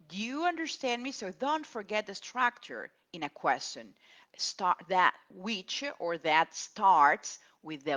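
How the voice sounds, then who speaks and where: A woman teaching English in a live online lesson, explaining grammar slowly and repeating example sentences. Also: fairly low pitch, a bit bright.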